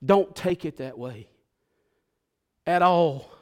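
A man preaching in a fairly high voice. He talks to the congregation like friends, dropping to near-whispers and then rising to fervent, pleading peaks. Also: expressive, slow. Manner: emotional, conversational preaching that swings from hushed to fervent. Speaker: pastor. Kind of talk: sermon.

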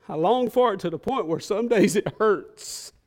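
A male pastor preaching a sermon, swelling to loud bursts and then dropping to a hush. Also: high-pitched, animated, takes it slowly.

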